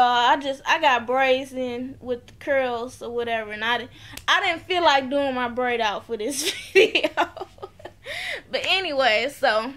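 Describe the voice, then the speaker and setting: A woman chatting casually to camera in a reality TV recap, sassy and quick to laugh. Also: high-pitched, a bit bright. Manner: chatty and sassy, talks straight to viewers; laughs often.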